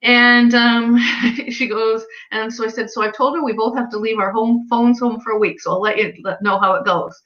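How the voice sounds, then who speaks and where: Bright-voiced woman telling animated stories. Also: fairly high pitch, normal speed, lo-fi sound. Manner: animated storyteller acting out quoted voices. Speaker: animal communicator. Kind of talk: casual chat.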